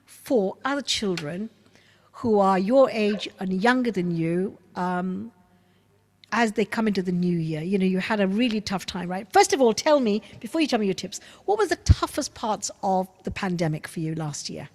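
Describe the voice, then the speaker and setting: A woman hosting an online show over a video call, chatting warmly and gushingly with a young guest. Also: mid-range voice, animated, moderate pace, long reverb tail. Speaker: host. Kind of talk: casual chat on a video call.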